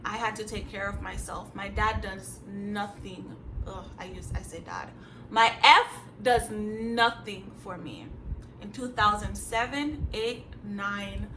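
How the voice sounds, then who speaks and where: A young woman tells her own story straight to camera, blunt and emphatic with casual slang. Her voice sits a little high and sounds bright and sharp. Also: a little hiss or hum, rough recording. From Jamaica. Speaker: vlogger. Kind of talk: candid storytime vlog.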